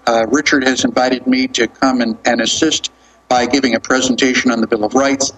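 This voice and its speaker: A man speaking as a guest on a radio show, explaining in a measured way. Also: medium pitch, level tone, background noise.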